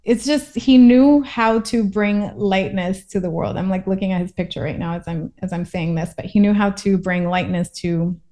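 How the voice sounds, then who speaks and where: A woman's voice: medium pitch, normal speed, few pauses, warm tone. A woman from Puerto Rico, a guest in a casual interview, talking in a reflective, thoughtful way.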